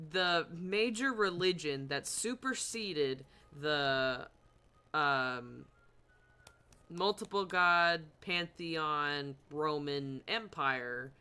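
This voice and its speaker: Game streamer, slow talker, bright voice, rambling, flustered, laughs a lot. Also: medium pitch, clear, resonant tone. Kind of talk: casual live-stream commentary. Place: at a desk at home.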